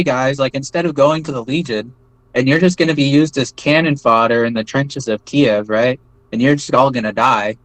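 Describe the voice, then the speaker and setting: A man of ordinary pitch recounts events in a loose, meandering way, stacking fillers and tossing in "right?" to check in with his listener. The sound is dry and close, with little room around the voice. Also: no room sound, low-quality recording. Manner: rambling, many fillers and tag questions like "right?". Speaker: interview guest, former foreign volunteer fighter. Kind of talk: casual spoken storytelling.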